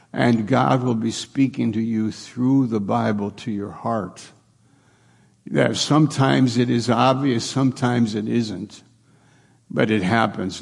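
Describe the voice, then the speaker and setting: A man's voice: medium pitch, gravelly, darkish tone. A middle-aged man preaching a conversational sermon as a pastor, plain-spoken and repeating his points for emphasis.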